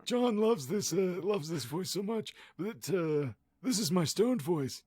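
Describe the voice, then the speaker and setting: A man's voice: expressive, a little slow, a little mellow, slightly rough, no echo, clean studio sound, exaggerated voice. A man putting on a stoned voice, talking as if holding smoke in while hosting a podcast. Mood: goofy. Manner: high strained voice as if holding smoke in. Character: giggly stoned male podcast host.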